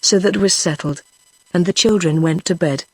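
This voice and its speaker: A woman's voice: lowish voice, moderate pace, no room sound. A text-to-speech woman voice with a British English accent narrating a children's storybook audiobook. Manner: even machine-read narration.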